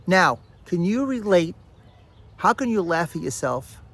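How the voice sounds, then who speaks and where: A man with a somewhat high voice hosts a podcast in a casual self-help monologue. He tells stories in an animated way, repeats phrases for emphasis and talks straight to the listener. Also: measured pace. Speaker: podcast host.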